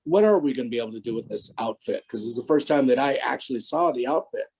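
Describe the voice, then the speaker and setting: A man's voice: medium pitch, fast, darkish tone, slightly rough, poor audio. A man in his sixties, a former stunt performer, telling rambling stories with many restarts on a video call. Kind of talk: casual interview anecdotes.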